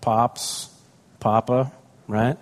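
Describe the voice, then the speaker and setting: A man's voice: mid-range voice, level tone, extremely slow. A man, a pastor, preaching a conversational sermon with stories about his young children, often asking the congregation questions.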